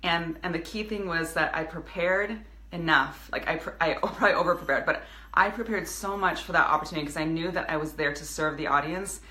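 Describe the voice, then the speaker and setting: A woman's voice: on the low side, brisk, bright, forceful tone, echoey room. A woman in her thirties, a business coach speaking earnestly to her viewers in a live video, with many restarts. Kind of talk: casual motivational live video.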